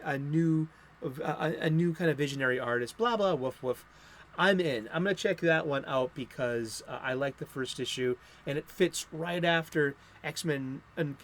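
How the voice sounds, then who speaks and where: A man hosting a casual comic book stream, rambling through new releases and breaking into profane, angry rants. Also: a little high. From United States. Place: home studio.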